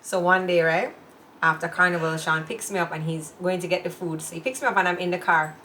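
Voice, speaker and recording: A woman with a Jamaican accent chatting casually as a podcast co-host, telling stories in an animated way and acting out other people's voices. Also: fairly low pitch, fairly quick, a little hiss or hum. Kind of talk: casual chat.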